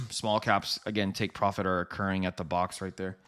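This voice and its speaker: A man hosting a live trading stream, giving quick, rambling market commentary, correcting himself and talking straight to his viewers. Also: low voice, a bit bright. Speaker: livestream trading host.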